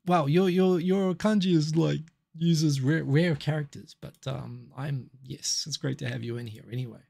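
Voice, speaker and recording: Kiwi guy in his 40s-ish doing a chatty live stream, reads out viewer comments, really gravelly raspy voice. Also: on the high side, steady tone, moderate pace, a little mellow. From New Zealand. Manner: chatty, reacting to viewer comments as they arrive. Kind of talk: casual live stream chat.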